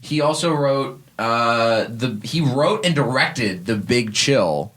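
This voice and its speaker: A man's voice: mid-range voice, animated, takes it slowly, fairly bright tone. A man hosting a podcast, chatting casually in a crude, joking, rambling way. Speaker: podcast host. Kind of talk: casual chat.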